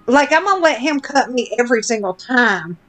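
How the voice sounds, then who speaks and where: A woman's voice: on the high side, lively intonation, fairly quick, a bit bright, faint music behind. A woman podcast host telling a long story in casual chat, blunt and self-deprecating, with casual swearing.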